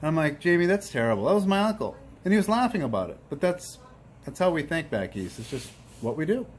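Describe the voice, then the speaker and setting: A man's voice: on the high side, sing-song, brisk, darkish tone, slight background noise. Blunt ranting man. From Boston. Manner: blunt, profane, heated. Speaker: host. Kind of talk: ranting talk show monologue.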